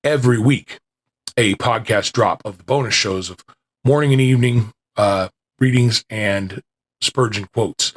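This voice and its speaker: A man with a lowish voice speaks at a measured pace while hosting a small podcast. He chats casually, rambling and poking fun at himself with frequent restarts, then reads an old lecture aloud while his voice is still recovering.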